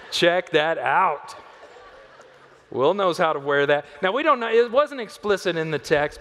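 A man preaching a sermon as pastor, swinging between loud emphasis and hushed lines, with playful asides to a volunteer on stage. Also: on the high side. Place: church auditorium. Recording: long hall reverb.

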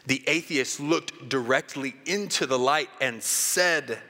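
A preacher speaks slowly and deliberately in a bright, forceful voice, building the story with animated drama. His words ring out with the long reverb of a large hall. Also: medium pitch. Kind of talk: sermon storytelling.

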